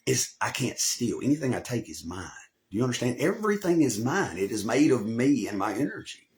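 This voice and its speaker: A man spins a long, rambling tale straight to camera, swearing in nearly every sentence and bragging as he goes. His voice sits at an ordinary middle pitch, and he repeats himself and restarts when he loses his place. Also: big pitch swings, brisk, a little mellow. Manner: swaggering, boastful, swears constantly, loses the thread and repeats himself. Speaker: channel host telling a personal story. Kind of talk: rambling profane storytelling to camera.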